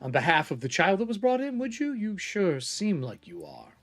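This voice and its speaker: A man's voice: high voice, huge pitch swings, normal speed, a bit bright, exaggerated voice. Man doing a secretive old historian. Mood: probing. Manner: polite but guarded, presses with questions.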